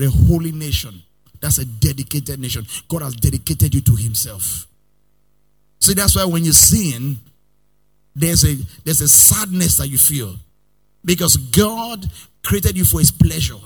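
A male preacher with a somewhat high, husky voice delivers a sermon. His pitch rises and falls dramatically as he moves from loud bursts to quiet asides, often lilting into a sing-song rhythm. He has his congregation repeat lines back to him. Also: unhurried. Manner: animated preaching, swinging from loud to soft, sometimes sing-song. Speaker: pastor.

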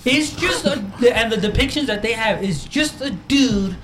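Male podcast co-host, high voice, steers the chat, faint hiss behind. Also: lively intonation, moderate pace, a bit bright. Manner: reads facts aloud, keeps steering back to the topic. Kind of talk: casual chat.

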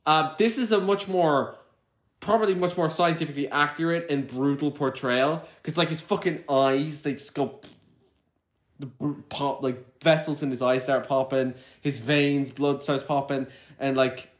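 Male podcast co-host, somewhat high voice, loose and profane, echoey room. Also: steady tone, moderate pace. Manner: rambling, profane, many restarts. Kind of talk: casual movie-review chat. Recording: roomy echo.

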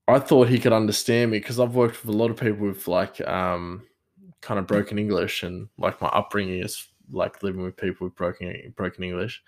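A man with an Australian accent who works in a kitchen, chatting casually in a rambling, sarcastic way with lots of fillers. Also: lowish voice. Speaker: kitchen worker. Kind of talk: casual storytelling chat.

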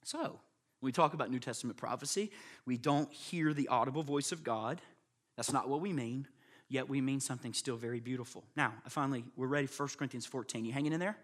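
A man's voice: medium pitch, fairly quick, a bit bright. A man preaching a sermon to a room of pastors, emphatic and constantly checking in with his listeners. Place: live before a room of listeners.

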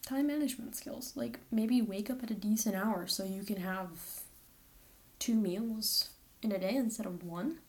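With a medium-pitched voice at a moderate pace, a young college-aged woman chats on her own podcast. The monologue is loose and rambling, heavy on "like" fillers and corrections of herself.

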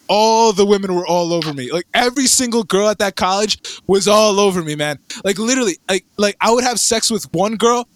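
A young man telling a rambling story in casual chat, animated and swearing, with lots of fillers and restarts. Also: high voice, no echo.

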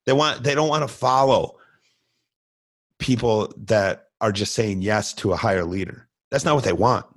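A man's voice: mid-range voice, fairly bright tone. A middle-aged man, a coach hosting his own show, giving blunt motivational talk with lots of repetition and emphasis. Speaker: coach and podcast host.

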